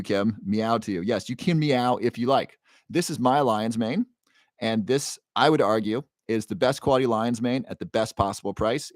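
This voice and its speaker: A man's voice: darkish tone, no echo, studio quality. Upbeat man hosting a livestream. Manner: upbeat, greets chat by name, sales pitch. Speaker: livestream host. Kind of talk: casual livestream chat.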